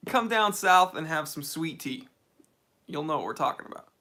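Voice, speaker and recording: A man's voice: fairly high pitch, lively intonation, normal speed, bright, forceful tone. A man with an American accent hosting a casual livestream Q&A, chatty and opinionated, with many fillers. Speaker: watch channel host.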